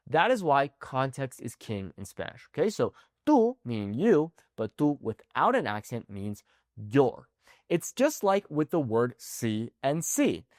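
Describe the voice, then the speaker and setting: A man teaching an online language lesson, animated and often checking in with "okay?". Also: a little high, no room sound, clean studio sound. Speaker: Spanish teacher.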